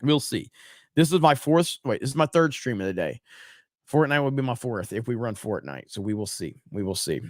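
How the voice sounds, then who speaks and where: A man's voice: medium pitch, animated, fairly quick, no echo, clean studio sound. A man hosting a livestream in a casual style, reading viewer chat aloud and answering in a blunt, profane way, often repeating words for emphasis. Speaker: livestream host.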